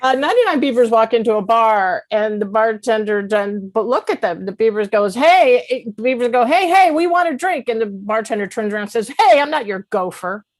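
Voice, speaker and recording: A woman playing in a live improv comedy show, telling animated bar jokes with little character voices. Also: a little high, a little fast, hardly any pauses, no room sound. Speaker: improv player.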